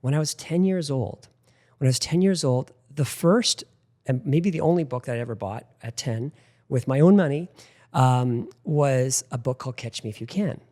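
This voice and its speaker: A middle-aged man hosting a talk show, telling personal stories in a lively, anecdotal way with lots of "like" fillers. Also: mid-range voice, normal speed. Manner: animated anecdotal storyteller with frequent "like". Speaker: podcast host. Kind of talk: casual interview storytelling.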